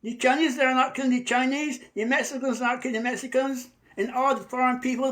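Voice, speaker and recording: High-voiced man preaching fierily. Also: steady tone, fairly bright tone. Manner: emphatic, stretches key words slowly. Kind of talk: fiery preaching monologue.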